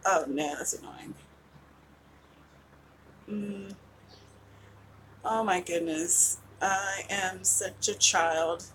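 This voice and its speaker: A woman's voice: fairly low pitch, steady tone, very slow, pauses often, noisy background. A woman in her forties from West Virginia, an author chatting casually with viewers during a live writing session, giggly and rambling. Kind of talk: casual livestream chat.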